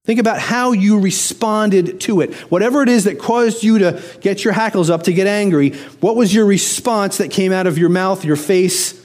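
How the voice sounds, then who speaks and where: A man's voice: a little high, a little mellow. A man preaching a conversational sermon, often asking the listeners questions. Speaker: pastor.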